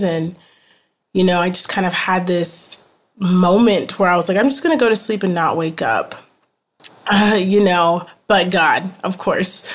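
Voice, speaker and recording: A woman in her thirties, a trauma counselor, telling her personal story as a podcast guest in a reflective, earnest way, often saying "you know" and "like". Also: fairly low pitch.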